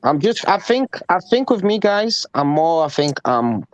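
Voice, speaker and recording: A man's voice: a little high, very animated, normal speed, lo-fi sound, slight background noise. Eager rambling man in a live chat. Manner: enthusiastic, rambling, repeats "you know". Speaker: chat guest. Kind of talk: casual group chat.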